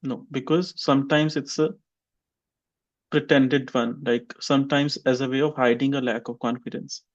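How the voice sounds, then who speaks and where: A man's voice: mid-range voice, steady tone, moderate pace, highs cut off. A man teaching an online English pronunciation class, calling on students by name and having them repeat words. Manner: questions students by name, drills repetition.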